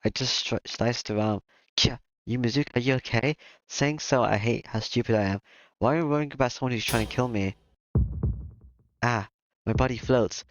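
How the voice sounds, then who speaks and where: A man reading a visual novel aloud in steady first-person narration, over game music. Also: mid-range voice, normal speed, no echo. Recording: slightly dull lo-fi mic, game music behind.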